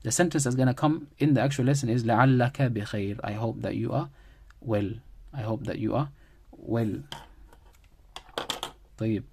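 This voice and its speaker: A man's voice: mid-range voice, moderate pace, long pauses, warm tone, breathy edge. Man teaching grammar, repeating key phrases. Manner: repeats key phrases, explains with everyday examples. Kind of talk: classroom-style grammar lesson.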